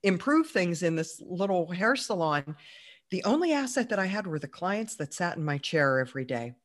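Woman guest, lowish voice, chatty storytelling, lots of "you know"s and little laughs. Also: very animated, normal speed. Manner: chatty, many fillers, laughs while telling. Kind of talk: telling a personal story.

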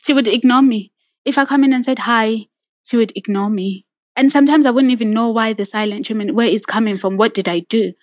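A woman's voice: on the high side, fairly quick, no echo. A woman on a podcast telling a personal story in casual conversation, earnest and reflective, acting out what others said. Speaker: podcast co-host sharing her story.

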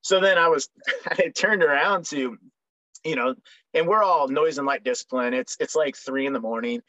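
A young male guest who served in the military tells his story in a casual interview, frank and joking, with many ums and restarts. His voice is a little high, pushed and bright, at a moderate pace. The recording is dry, slightly dull, with no room sound.

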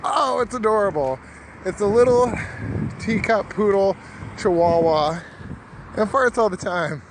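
A man's voice: sits high, lively intonation, unhurried. A man hosting a solo podcast while walking down a street, rambling and laughing at his own jokes. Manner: rambling, self-amused, full of fillers. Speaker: podcast host. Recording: loud street noise outdoors.

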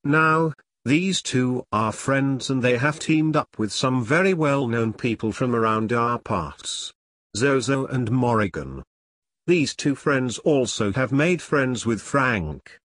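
A man voicing a harsh, bullying male demon henchman with a rusty voice who yells threats. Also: mid-range voice, lively intonation, takes it slowly, no echo. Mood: threatening. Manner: yelling threats.

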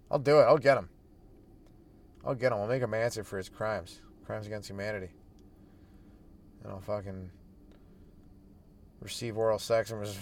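A man hosting a podcast as a stand-up comedian, riffing crudely and rambling through jokes in a casual monologue. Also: lowish voice.

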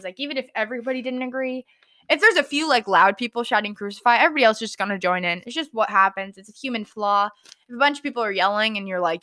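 A woman's voice: fairly high pitch, bright, forceful tone. A young woman reading scripture aloud and chatting about it casually, stumbling over words and filling with "like". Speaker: Bible study host. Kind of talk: casual Bible reading and reflection.

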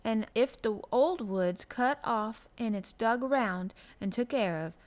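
A woman's voice: fairly high pitch, measured pace, close to an everyday voice. A woman voicing a cheerful country boy with a who talks eagerly and earnestly about plants, in an audiobook reading.

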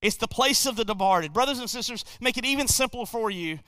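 A man preaching a sermon as a pastor, swelling loud on key words and dropping low between them. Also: lively intonation, fairly quick, hardly any pauses. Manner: preaching with sudden swells and drops in volume. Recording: long hall reverb.

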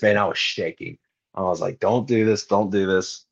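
A man's voice: deep voice, steady tone, moderate pace, gravelly. A man in his twenties, a guest wrestler, telling a story in casual podcast talk and animatedly acting out other people's lines. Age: 20s. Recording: muffled lo-fi recording.

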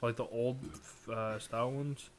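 A young man co-hosting a casual podcast chat, relaxed and rambling, often repeating himself. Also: mid-range voice, measured pace, crowd noise. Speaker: podcast co-host.

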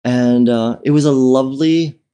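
A man speaks as an interview guest, recounting his life in a candid, emotional way. His voice is mellow and relaxed in tone, and he often restarts phrases and fills pauses with um and you know. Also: medium pitch, smooth. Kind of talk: personal storytelling in conversation.

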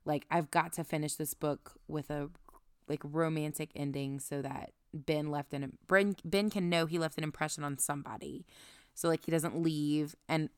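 A woman's voice: low voice, fairly even intonation, moderate pace, smooth, no room sound, clean studio sound. A young woman co-hosting a casual book podcast, chattily recapping the plot with lots of "like". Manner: chatty, recaps plot with quoted asides and frequent "like". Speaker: podcast co-host.

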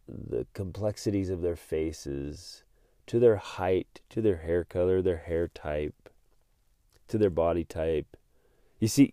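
A man talks straight into a close podcast mic in an earnest, animated way, often repeating himself as he gets fired up. His voice is mellow and relaxed in tone, and the recording sounds dry. He sounds like a host speaking directly to his listeners. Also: deep voice, clean tone, no room sound. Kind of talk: motivational podcast monologue.

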